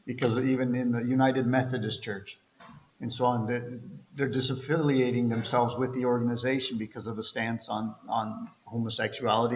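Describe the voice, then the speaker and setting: Male pastor, earnest conversational sermon, mid-pitched, long church reverb. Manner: earnest, conversational preaching with restarts. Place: church sanctuary. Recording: echoey church hall, slightly dull.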